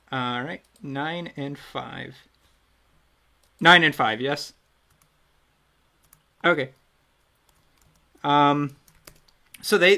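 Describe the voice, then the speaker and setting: Slow, bright-voiced male game master. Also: fairly high pitch. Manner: loose and chatty, trailing off and restarting. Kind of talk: running a tabletop game, casual narration.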